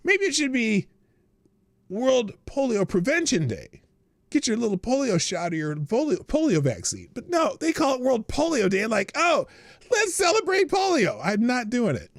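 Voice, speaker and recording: American man, sarcastic live-stream host, lively swinging pitch, dry close sound. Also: normal speed, no room sound. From United States. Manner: sarcastic, laughs at his own jokes. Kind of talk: casual solo live-stream commentary.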